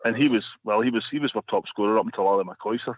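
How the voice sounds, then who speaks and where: A man's voice: on the low side, rapid-fire, no room sound. A man telling a long story as a radio guest, rambling with many restarts. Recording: phone line.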